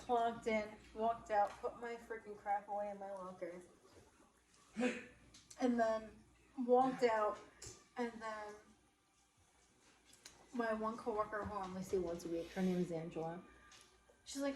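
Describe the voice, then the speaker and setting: A young woman chatting casually on a vlog, telling animated stories and laughing often. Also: medium pitch, moderate pace, long pauses. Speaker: vlogger. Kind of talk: casual chat. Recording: echoey room with faint ambience.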